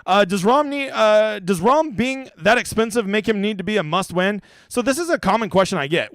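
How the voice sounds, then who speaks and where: A man with a high, lively voice runs a casual live-stream Q&A, reading out chat questions and answering them bluntly, swearing now and then. He talks close to the mic in a dry, dead room with no echo. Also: moderate pace, hardly any pauses. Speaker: fantasy golf streamer.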